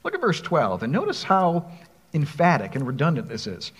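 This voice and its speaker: Male pastor, high and animated delivery, breathy tone, long reverb. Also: moderate pace. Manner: expressive preaching, reads scripture aloud, asks the congregation questions. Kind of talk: sermon.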